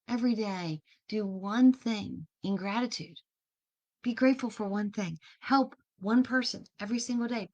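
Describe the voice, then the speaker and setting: A woman hosting a casual spiritual talk, chatty and encouraging, asking many questions and laughing easily. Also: medium pitch. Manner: laughs easily, restarts words.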